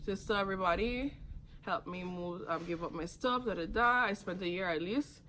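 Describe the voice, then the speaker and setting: A woman's voice: moderate pace, pushed and bright, a little hiss or hum. A young woman, casually telling her own story to camera and acting out what others said. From Saint Martin. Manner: chatty, acts out others' lines with sudden high jumps. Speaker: vlogger.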